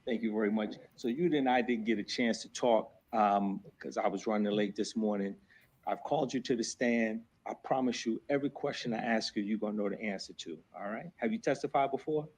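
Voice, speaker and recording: A man with a New Jersey accent questioning a witness in a courtroom, hurried and friendly. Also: fairly low pitch, darkish tone. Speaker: defense attorney.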